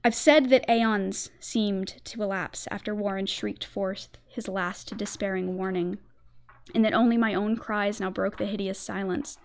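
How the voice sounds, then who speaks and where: A woman streamer doing a theatrical reading of a horror story, her narration tense and swelling in volume at dark moments. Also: mid-range voice.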